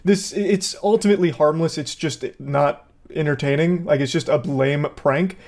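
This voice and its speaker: A man talks over video clips in a blunt, sarcastic commentary style, heavy with profanity. His voice sits a little high for a man. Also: normal speed, vocal fry, darkish tone. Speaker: commentary host.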